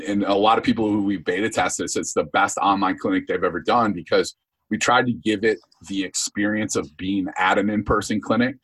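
A man's voice: fairly low pitch, fairly bright tone, slightly rough. A man guest on a podcast, talking casually and rambling with many fillers about his coaching course. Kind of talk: casual interview chat.

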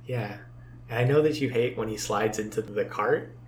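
A young man co-hosting a podcast, casually chatting about a movie and sharing trivia in a relaxed, agreeable way. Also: fairly low pitch, moderate pace, crowd noise. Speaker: podcast co-host. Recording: echoey room with faint hum.

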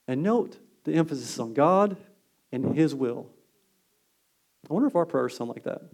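A man preaching a sermon as a pastor, earnest and emphatic, dropping to a hushed tone on key lines. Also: on the high side, animated, measured pace, long pauses.

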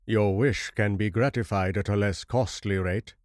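A man's voice: on the low side, steady tone, darkish tone, dry recording, studio quality, close to an everyday voice. Man voicing a bitter old recluse scholar. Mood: grave. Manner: measured, grave, formal delivery. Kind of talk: audiobook horror story reading.

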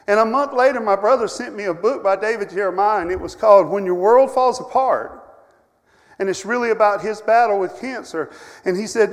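A middle-aged man with a high voice preaches a sermon, telling stories from his own life. He swings between loud, pressing passages and quiet, hushed ones. His voice rings out in a hall with a long reverb. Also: fairly quick. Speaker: camp director preaching.

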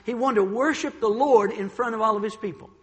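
A male pastor preaching a sermon in a church sanctuary, animated, repeating words as he builds a point. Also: sits high, brisk, in a large hall.

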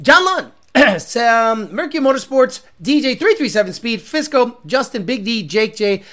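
A man hosting a casual livestream, profane and loud, congested and short of breath. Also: very high voice, very animated, moderate pace. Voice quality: profane, loud and brash, shouts sponsor names. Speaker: car-scene livestream host.

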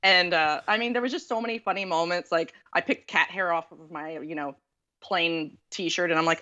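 A woman's voice: fairly low pitch, normal speed, pushed and bright, muffled recording. Chatty woman telling dating stories. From Southern US, Texas. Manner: chatty, self-deprecating, many fillers. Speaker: author guest. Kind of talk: casual storytelling interview.

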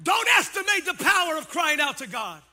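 Passionate male pastor, very high and bright-edged, shouting then hushed. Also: big pitch swings, a little fast. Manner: shouting preacher, swinging from loud to hushed. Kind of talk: sermon. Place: church auditorium.

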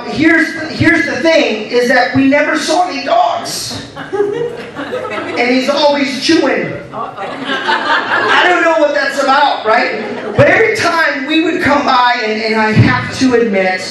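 A man's voice: very high voice, expressive, slow pace, far from the mic, crowd noise. A man preaching a sermon as pastor, telling a story with laughs and calling to the congregation. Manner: storytelling with laughs, call-and-response. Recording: roomy echo, from the mic.

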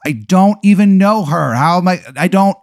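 A man voicing a male pirate who drives a time-travel bus, with a high, drawn-out cheerful delivery. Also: no room sound, clean studio sound. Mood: squabbling.

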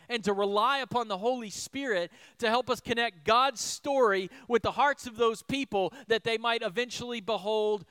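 A male pastor delivers a sermon in a high, smooth voice. He asks the room rhetorical questions, punches key lines loudly and then drops to quiet asides. The sound is dry and close. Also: no echo. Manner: animated, rhetorical questions, shifts between loud emphasis and soft asides.

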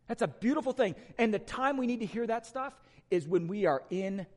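A man preaching a sermon to a congregation, asking rhetorical questions and swinging between loud emphatic lines and quiet ones. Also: high-pitched, lively intonation, normal speed. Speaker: pastor.

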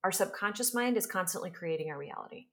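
Woman, 40s, lower pitch, podcast guest, lively storytelling, mid-range voice. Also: quick pace. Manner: animated storyteller, acts out quoted speech. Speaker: guest, healer and trauma specialist.

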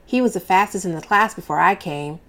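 A woman's voice: fairly low pitch, a little fast, a bit bright. A woman reading an audiobook, voicing a matter-of-fact young boy who tattles. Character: blunt, literal-minded young boy.

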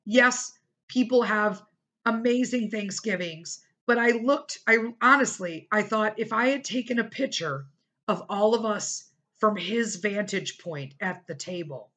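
A middle-aged woman hosting a podcast, telling a personal story casually and animatedly, acting out what other people said. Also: a little slow. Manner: animated, acts out quoted people with big pitch jumps. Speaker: podcast host.

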